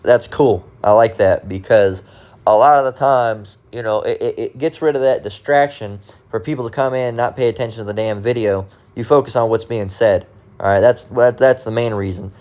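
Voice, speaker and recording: A man's voice: mid-range voice, moderate pace, darkish tone. A man giving a religious rant monologue, emphatic, repetitive and profane. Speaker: commentator.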